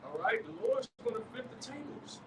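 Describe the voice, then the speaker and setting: Emphatic male preacher, high voice, distant mic, loud street noise. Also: very animated, a little fast, creaky. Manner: emphatic, checks in with "all right?". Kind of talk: preaching in a scripture study.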